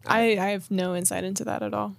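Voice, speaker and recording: A woman's voice: mid-range voice, level tone, fast, gravelly, no room sound. A woman co-hosting a casual podcast and adding brief, dry asides. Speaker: podcast co-host.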